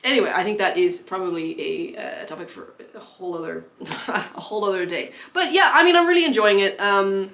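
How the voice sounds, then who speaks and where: Young adult woman, book vlogger, casual and chatty, full of fillers and quick laughs. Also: mid-range voice, animated, fairly bright tone, slight background noise.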